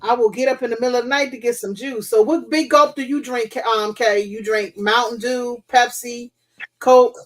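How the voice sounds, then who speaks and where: A woman's voice: on the high side, steady tone, normal speed. A woman hosting a casual live chat, giving blunt, profane, motherly advice. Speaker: host.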